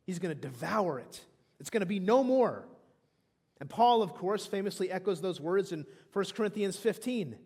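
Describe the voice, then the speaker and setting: Man in his thirties, pastor delivering an emphatic sermon; higher voice, big reverberant church hall. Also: animated, moderate pace, darkish tone. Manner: emphatic preaching with frequent restarts. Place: church sanctuary.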